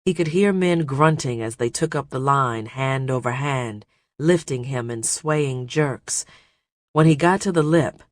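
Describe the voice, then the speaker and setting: A male audiobook narrator reading an adventure novel in a steady, measured storytelling voice. He takes an unhurried, slow pace. The recording is close and completely dry. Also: mid-range voice, no room sound. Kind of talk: scripted narration.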